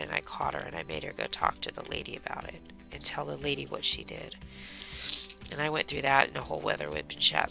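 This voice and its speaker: A woman's voice: low-pitched, vocal fry, bright, forceful tone. A middle-aged woman chatting casually while she crafts, telling a rambling story about her daughter as host of a craft livestream.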